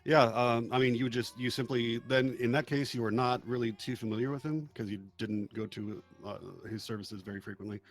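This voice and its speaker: A man's voice: mid-range voice, fairly even intonation, fairly quick, hardly any pauses, faint music behind. A man running a tabletop game as game master, explaining in a hesitant way with many fillers.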